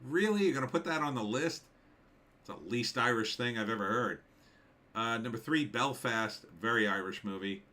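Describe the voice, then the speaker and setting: A man hosting a livestream, reading through a list in casual commentary and musing aloud with quick offhand asides. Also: lowish voice, sharp tone. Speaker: livestream host.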